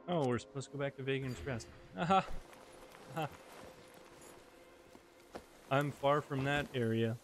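A man's voice: mid-range voice, steady tone, brisk, few pauses. Chatty man narrating his gameplay. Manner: chatty, jokey, talks to himself. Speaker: gamer narrating his play. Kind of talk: casual let's-play commentary. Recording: game music behind the voice. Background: game music.

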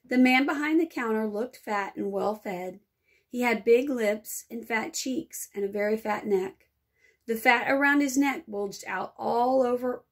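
A woman teacher reading a children's novel aloud, expressive and lingering over words. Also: fairly high pitch.

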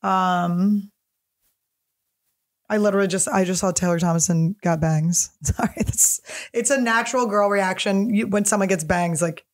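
Woman, comedian podcast host, rambling, profane, stream of consciousness, mid pitch. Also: moderate pace. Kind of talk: casual solo podcast chat.

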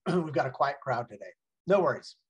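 A man's voice: mid-range voice, animated, normal speed, slightly rough, rough recording. A middle-aged man, a mindset coach, giving a casual, rambling talk from home, full of "like" and "right?". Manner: conversational, rambling, frequent "right?" and "like".

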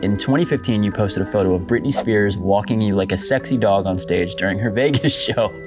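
A man's voice: fairly low pitch, brisk, music in the background. A man in casual chat as an actor guest, playful and joking with his co-star.

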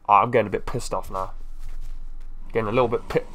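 A man's voice: on the low side, fairly even intonation, quick pace, pauses often, a bit bright. A man doing let's-play commentary, swearing and scolding a game creature. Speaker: gaming YouTuber.

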